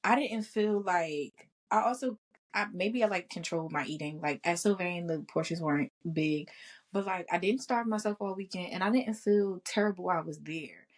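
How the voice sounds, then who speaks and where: A woman's voice: lowish voice, moderate pace. A woman co-hosting a casual chat podcast, telling stories with frequent laughs and free swearing. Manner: laughs often, swears freely, animated storytelling. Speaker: podcast co-host.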